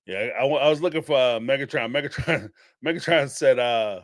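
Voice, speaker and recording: A man's voice: mid-range voice, brisk. A man hosting a casual live-streamed reality TV recap, rambling and chatty with lots of fillers and laughter.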